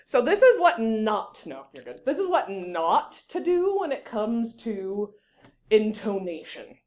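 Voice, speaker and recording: A woman teaching public speaking to a class with a mellow, warm voice. She talks in a lively, chatty way and breaks off now and then to direct her students. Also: a little high, takes it slowly. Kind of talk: casual classroom lesson.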